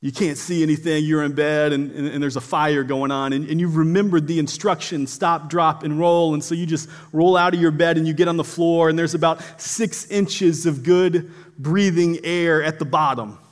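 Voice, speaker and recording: A man's voice: a little high, steady tone, normal speed, few pauses. A man preaching a sermon in an earnest way, often stumbling and repeating words as he starts a phrase.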